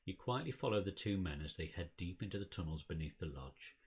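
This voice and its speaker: Deep, husky man reading aloud. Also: lively intonation, fairly quick. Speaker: podcast co-host reading a card game scenario. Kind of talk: reading scenario text aloud.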